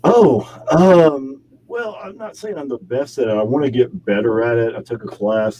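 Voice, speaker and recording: Mellow-voiced man in rambling chat. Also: mid-range voice, normal speed, few pauses, a little hiss or hum, low-quality recording. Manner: rambling, self-correcting, chatty. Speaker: actor guest. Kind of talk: casual interview chat.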